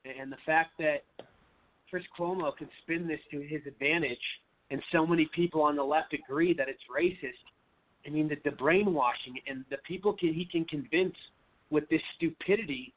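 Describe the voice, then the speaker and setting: A man hosting a political talk show, sounding indignant and stumbling through fillers. His voice sits a little high for a man, and it comes over a thin, phone-like line. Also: normal speed.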